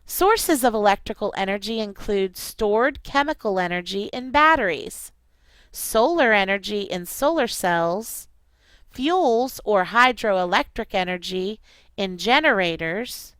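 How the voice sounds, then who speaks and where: A woman's voice: medium pitch, expressive, unhurried, a bit bright, clear, resonant tone, no room sound. A middle-aged woman teacher recording a lesson for children, leading call-and-response chants. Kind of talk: recorded classroom lesson for kids.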